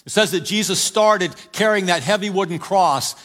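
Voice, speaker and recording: A high-pitched male preacher delivers a sermon in a storytelling style. He urges his congregation along and swings from near shouts to hushed lines. His voice rings out in a hall with a long reverb. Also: moderate pace, faint music behind. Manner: storytelling, urging the congregation, swings between loud calls and quiet drops. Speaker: pastor.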